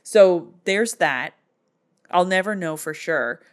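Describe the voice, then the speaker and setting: Woman, casual movie recap, wry, comic, chatty, lower pitch. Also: expressive, takes it slowly.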